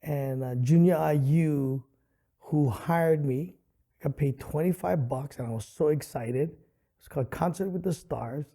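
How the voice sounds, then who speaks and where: A middle-aged man from Hawaii, a comedian telling stories in an animated way with many fillers, on a studio podcast mic. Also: on the high side, unhurried, gravelly. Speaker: comedian and guest. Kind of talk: casual interview storytelling.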